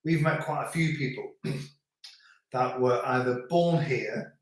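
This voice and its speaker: In a very echoey room of a family home in rural France, a middle-aged Northern English man hosts a family live stream, chatting casually, rambling, and repeating words. His mid-range voice is a little slow.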